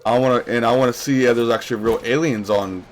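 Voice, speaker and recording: A young male streamer chatting loosely with his viewers mid-game, wandering from thought to thought and answering their questions as they come in. His voice sits at an ordinary middle pitch, with faint game music running underneath. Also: fairly even intonation, quick pace. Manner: rambling, talks straight to viewers, answers chat questions. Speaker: live streamer. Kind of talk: casual live-stream chat while gaming.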